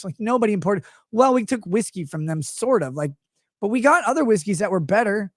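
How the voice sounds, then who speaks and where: A man's voice: high voice, lively intonation, a little fast, dry recording, studio quality. A man from the United States hosting a show, ranting about politics with sarcasm, profanity and mocking asides. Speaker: show host.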